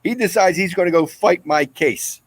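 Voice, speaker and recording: High-voiced man telling a comic story. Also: moderate pace, slightly rough, dry recording. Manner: animated, excitable, with laughs. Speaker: guest. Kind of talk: comedic storytelling.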